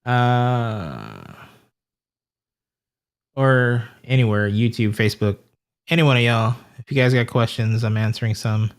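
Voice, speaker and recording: A man's voice: medium pitch, a little slow, long pauses, smooth. A man hosting a casual livestream Q&A, talking loosely and poking fun at himself. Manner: relaxed, self-deprecating, loose phrasing. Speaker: livestream host answering viewer questions.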